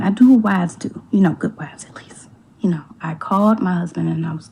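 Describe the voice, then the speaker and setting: Casting: low, gravelly woman with a dark tone, candid storyteller who swears and slips into near whispers. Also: quick pace, rough recording. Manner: candid, quotes others, swears freely. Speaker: storyteller in a clip. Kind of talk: casual storytelling.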